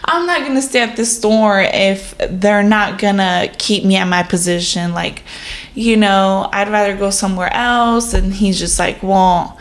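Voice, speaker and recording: A woman's voice: mid-range voice, a little slow, roomy sound. A woman co-hosting a podcast, telling a story in casual chat, swearing a lot and filling her talk with "like". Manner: animated storytelling, swears often, many "like" fillers. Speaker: podcast co-host.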